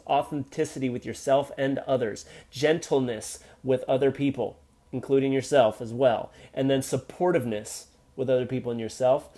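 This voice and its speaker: A man hosting a motivational solo podcast, talking emphatically and checking in with the listener, with his pace speeding up and slowing down and his volume swinging between loud and soft. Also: medium pitch. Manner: emphatic, repeats "right?" to the listener. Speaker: podcast host.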